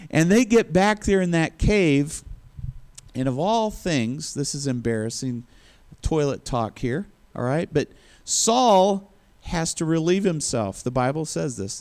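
A man's voice: a little high, a little mellow. A man preaching a sermon, retelling a story with chuckling asides and acted-out quotes. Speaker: pastor.

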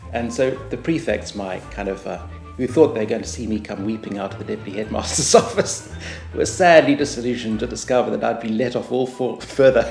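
A man's voice: lowish voice, gravelly, darkish tone. A middle-aged man from Rhodesia telling stories of his youth, hesitant with many ums, wry and self-deprecating. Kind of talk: reflective personal storytelling. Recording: echoey room with faint music.

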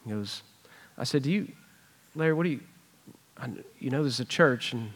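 A man's voice: medium pitch, animated, moderate pace. A man preaching a sermon in a church, conversational and earnest as he retells a personal story. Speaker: pastor. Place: church sanctuary.

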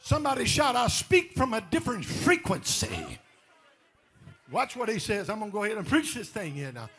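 Male pastor, husky raspy tone, lively swooping pitch, shouting, half-singing delivery, call-and-response. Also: moderate pace.

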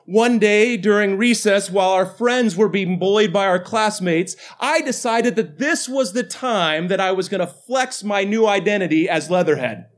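Pastor, man, late 30s, high voice; relaxed, self-mocking sermon delivery to a live church. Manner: conversational, self-deprecating humor. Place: church before a live congregation.

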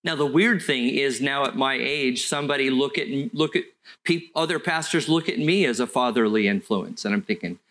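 A middle-aged man, preaching a sermon in an earnest storytelling way that slows for emphasis. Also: medium pitch, a bit bright. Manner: earnest, storytelling, with slow deliberate stretches. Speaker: pastor.

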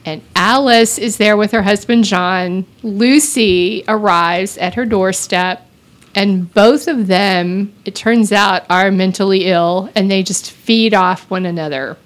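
A woman's voice: mid-range voice, slow pace. Chatty Texan woman. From Texas. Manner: chatty, laughs often. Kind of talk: casual chat.

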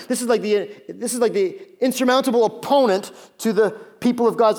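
High-voiced animated male pastor preaching. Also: a little fast, few pauses. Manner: animated storytelling, acts out voices, many fillers. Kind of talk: sermon.

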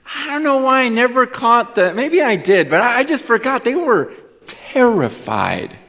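A man preaching a Christmas Eve sermon in a church, animated and repeating words, dropping low and quiet for emphasis. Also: moderate pace. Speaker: pastor. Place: church sanctuary. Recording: muffled with long hall reverb.

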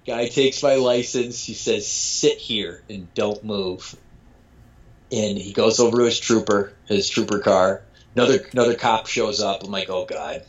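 A man from Michigan telling a casual story with animated delivery, acting out dialogue and swearing freely. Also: on the low side, unhurried. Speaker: storyteller guest. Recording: dull lo-fi sound.

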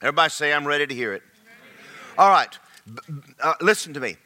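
A male pastor preaching a sermon, folksy and fervent, swinging from quiet asides to shouting. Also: on the high side, animated, fast talker.

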